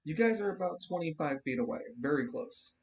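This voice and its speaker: A man narrating as game master in a tabletop role-playing game, casual, quick to swear and restart his sentences. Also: fairly high pitch, expressive, slight background noise.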